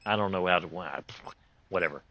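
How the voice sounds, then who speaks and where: A man with a hoarse voice that is still recovering, hosting a video game playthrough with rambling, joking casual commentary in folksy, loose grammar. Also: low voice, a little fast, bright, forceful tone, muffled recording, slight background noise. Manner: joking, rambling, chuckles often. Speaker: host playing a video game.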